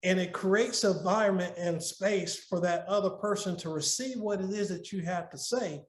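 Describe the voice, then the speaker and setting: Earnest high-voiced man with roomy echo. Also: normal speed. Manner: earnest, repeats and restarts words while storytelling. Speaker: podcast guest. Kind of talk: conversational advice on marriage.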